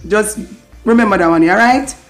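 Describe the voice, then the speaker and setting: A woman's voice: medium pitch, normal speed, loud music behind the voice. A woman with a Jamaican accent giving a playful, casual patois lesson, laughing often and repeating phrases. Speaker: online patois teacher.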